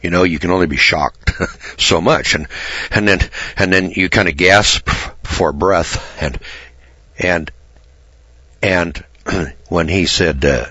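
A man telling a story in a sermon, folksy and stammering, restarting phrases and often clearing his throat. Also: sits low, slow, pauses often, sharp tone, no echo, highs cut off.

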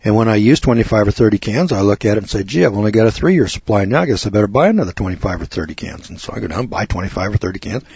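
A man's voice: fairly low pitch, expressive, very fast, creaky, hardly any pauses, a little mellow, breathy edge, no room sound. A man hosting a radio talk show, delivering a rambling, preachy monologue that builds to emphatic lecturing. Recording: dull lo-fi dry radio audio.

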